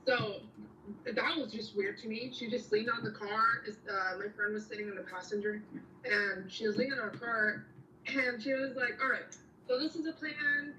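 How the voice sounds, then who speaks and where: A young woman rambles through a story in bright, fairly high tones, slangy and full of fillers. She sits a little back from the mic in an echoey room with a faint hum of ambience. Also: steady tone, moderate pace, recorded from a distance. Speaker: guest telling a story. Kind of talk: casual storytelling chat.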